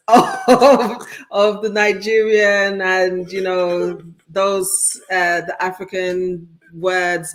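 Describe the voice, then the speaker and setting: Cheerful woman reading viewer shout-outs. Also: medium pitch. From United Kingdom. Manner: cheerful, reading out viewer messages, laughing often. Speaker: co-host, pastor's wife. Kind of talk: live-stream church talk.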